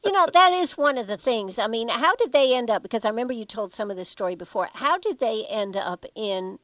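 A woman's voice: a little high, expressive, fairly quick, fairly bright tone, no room sound. A woman hosting a casual interview, asking questions in a hesitant way with many fillers. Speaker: interviewer, host.

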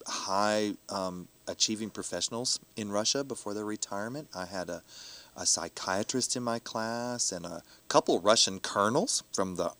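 A man's voice: fairly low pitch, normal speed, fairly bright tone, dry recording. A man who is a professional storyteller, talking animatedly in a casual interview, laughing often and acting out the people he quotes.

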